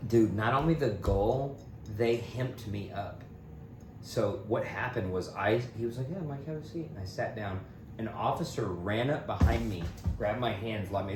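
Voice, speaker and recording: A man's voice: lowish voice, moderate pace, roomy sound, background noise. A man co-hosting a podcast, telling a story in casual chat, laughing often and acting out the voices of the people in it. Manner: animated, laughing, mimics voices in quotes. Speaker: podcast co-host.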